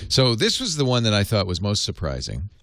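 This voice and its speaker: A man's voice: on the low side, wildly swooping pitch, fairly quick, fairly bright tone, no room sound. A man hosting a casual tech podcast, rambling, laughing and reading items from his notes on a close mic. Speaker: podcast host.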